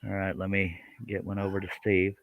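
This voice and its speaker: A man with a fairly low voice hosts a live stream, chatting casually and rambling along with jokes. The sound is dry and close, with no room around it. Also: monotone, fairly quick, dry recording, phone-quality sound. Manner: rambling, joking, talks to chat and guests. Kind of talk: casual live-stream chat while working.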